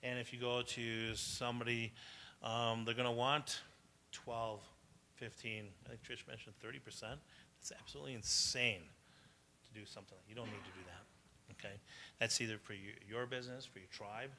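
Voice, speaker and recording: Bright, chatty man giving a talk. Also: mid-range voice, steady tone, moderate pace, slight background noise. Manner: chatty, anecdotal, laughs often, asks the audience. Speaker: speaker at a business conference. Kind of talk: motivational talk to entrepreneurs. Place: live event venue.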